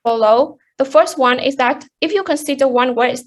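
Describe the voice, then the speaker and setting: Young woman, high voice, halting class presentation with lots of ums. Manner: hesitant, many fillers and restarts. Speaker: student presenter.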